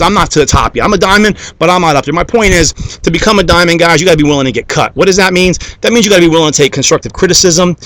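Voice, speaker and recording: On the high side and a bit bright, this man's voice delivers a motivational talk to an audience. He preaches repetitively, builds parallel phrases, and checks in over and over with "okay?" and "guys."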